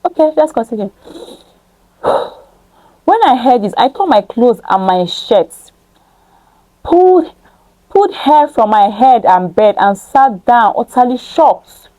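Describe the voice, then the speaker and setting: Woman, Bible study teacher, fairly high voice, mellow tone, emphatic, exhorting. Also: lively intonation, slow pace, pauses often, poor audio. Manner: emphatic, exhorting, with rhetorical questions. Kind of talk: scripture reading with preaching commentary.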